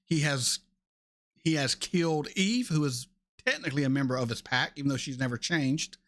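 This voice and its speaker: A man in his thirties hosting a casual chat, answering viewer questions in a blunt, animated way and swearing freely. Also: fairly high pitch, moderate pace. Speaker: reaction channel host.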